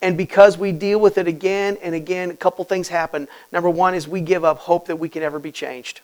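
A man preaching a sermon as pastor, moving from quiet, close talk to loud, urgent passages and acting out quoted voices. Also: high-pitched, steady tone, a little fast, rough recording. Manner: acts out quoted voices and asks rhetorical questions.

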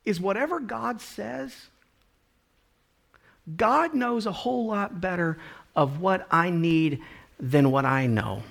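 A man's voice: high voice, lively intonation, takes it slowly, gravelly, pauses often, fairly bright tone. A man preaching a sermon, earnest, stumbling into repeated restarts and building emphasis as he speaks. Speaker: pastor.

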